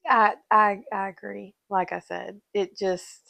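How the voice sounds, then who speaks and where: A woman's voice: medium pitch, fairly even intonation, slow pace, gravelly, bright, forceful tone, dry recording. A woman co-hosting a podcast, bantering playfully and laughing in casual chat. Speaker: podcast co-host.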